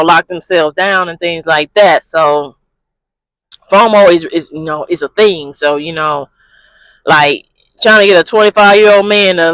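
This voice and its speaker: A man's voice: sits high, sharp tone, no echo, low-quality recording. A man hosting his own vlog from a parked car, talking candidly in a rambling, slangy, profane way. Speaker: vlogger, channel host. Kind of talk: casual talking-head vlog. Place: parked car in a parking lot.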